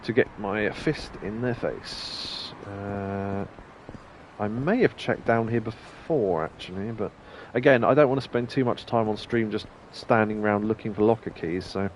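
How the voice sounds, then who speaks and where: A young man plays a game on stream, reading the dialogue aloud and drifting into rambling, chuckling side comments. His voice is lowish and his pace measured, with slight background noise and faint game music underneath.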